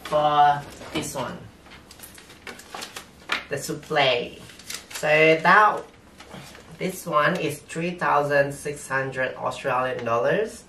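A man with a non-native English accent, talking through an unboxing haul as a vlogger in halting, hesitant English full of fillers. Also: on the high side, bright, forceful tone. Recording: roomy echo, distant mic, faint noise.

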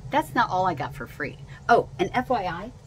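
A woman's voice: mid-range voice, big pitch swings, normal speed, slight background noise, rough recording. A woman gushing enthusiastically as she unboxes and shows off products in a casual vlog at home. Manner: gushing and enthusiastic, repeats herself. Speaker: essential oils seller.

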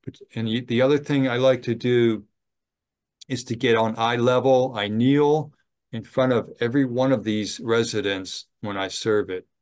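A middle-aged man, a chaplain, giving a slow, gentle training talk on ministry, with some fillers. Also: mid-range voice, fairly even intonation.

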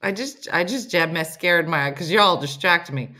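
A woman's voice: fairly low pitch, brisk, sharp tone. A woman hosting a comedy morning show, reading listener stories aloud with playful banter.

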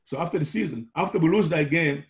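An older man from Malawi, telling his coaching history in an oral history interview, animated and acting out the dialogue he recalls. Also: a little high, fast. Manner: animated, acts out quoted dialogue.

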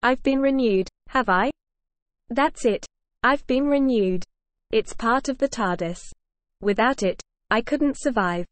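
Calm matter-of-fact alien traveller read by a woman, slow and a little high, dry sound. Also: no room sound, lightly acted. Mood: earnest. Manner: plain reading of script lines.

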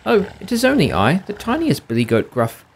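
A man's voice: high-pitched, wildly swooping pitch, fairly quick, gravelly, slight background noise, voice pushed up, exaggerated voice. A man voicing the tiniest billy goat, who speaks in a small, pleading voice.

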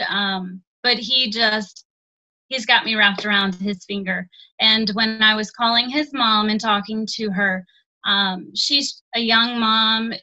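A woman teacher speaks in an earnest, heartfelt way, pausing often on "um." Her voice is bright and sharp. The recording is dull and lo-fi. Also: a little high. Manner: earnest and emotional, with many "um" fillers. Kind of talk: interview guest telling a story. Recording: dull lo-fi sound.

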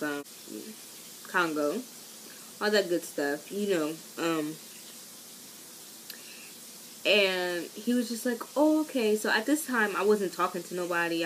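A young woman chats through a story for her vlog in a lowish voice. She is lively and animated, and her pitch leaps whenever she acts out what someone said. Faint noise sits in the background. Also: normal speed, poor audio. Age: young adult. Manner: chatty and animated, acting out quoted voices with big pitch jumps. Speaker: vlogger.

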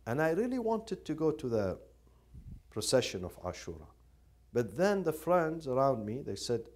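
A man delivers a religious lecture with passion. He talks at a mid-range pitch and drives his points home by repeating phrases. His tone swings between urgent and subdued. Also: big pitch swings, moderate pace, a little mellow. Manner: impassioned, repeats phrases for emphasis. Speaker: lecturer on Quranic studies.

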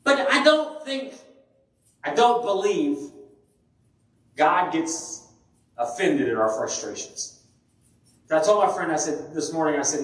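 A man's voice: a little high, measured pace, pauses often. A male pastor preaching a sermon in a church, telling stories and acting out the voices of the people in them. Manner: animated storytelling, acting out voices. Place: church sanctuary. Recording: very echoey church hall from a distance.

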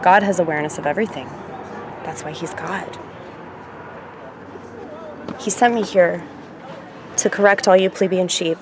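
A middle-aged woman talking casually to her viewers, rambling, laughing at her own stumbles and swinging from loud to quiet. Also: fairly low pitch, moderate pace, pauses often, background noise. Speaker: vlogger.

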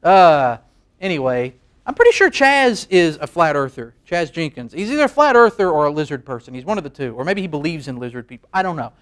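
A man's voice: fairly high pitch, sing-song, fairly quick, a bit bright, clean tone. A man in his thirties hosting a late-night show in a studio, rambling self-deprecatingly through a comic monologue and laughing at his own jokes. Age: 30s. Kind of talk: comedic monologue. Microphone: facing a camera.

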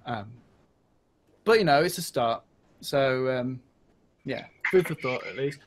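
A man's voice: medium pitch, expressive, unhurried. A man with a Welsh accent chatting casually on a podcast, hesitant with many ums and restarts. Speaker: podcast co-host. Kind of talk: casual chat.

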